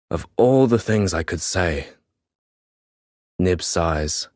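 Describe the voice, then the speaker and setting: Casting: deep-voiced man narrator for a first-person audiobook, slow and measured. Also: animated, a little mellow, no room sound, clean studio sound.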